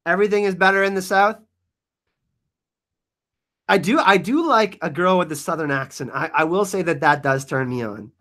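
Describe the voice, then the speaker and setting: A man hosting a casual live Q&A stream, reading the chat; excitable, laughing often and saying "like" a lot. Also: high-pitched, normal speed, pauses often. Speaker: livestream host answering chat.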